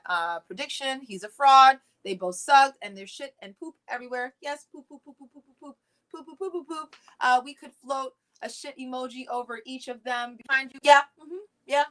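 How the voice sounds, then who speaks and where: Bright-voiced animated woman host. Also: fairly high pitch, brisk, hardly any pauses. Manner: animated, profane, mocking impressions. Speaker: livestream host. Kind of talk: casual livestream commentary. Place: her living room.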